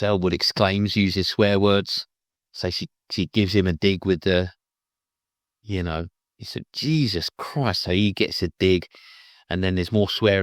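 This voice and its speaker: A man's voice: low-pitched, no room sound, clean studio sound. A man reviewing a film, retelling the plot in a rambling, casual way with many restarts.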